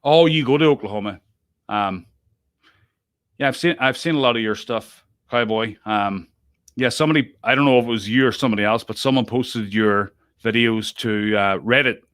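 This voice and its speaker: A chatty man hosts a casual podcast conversation, often breaking off mid-thought and laughing along. His voice has a bright, forceful edge, recorded dry and close with almost no room sound. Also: mid-range voice, moderate pace, smooth, no echo. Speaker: podcast host. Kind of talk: casual group chat.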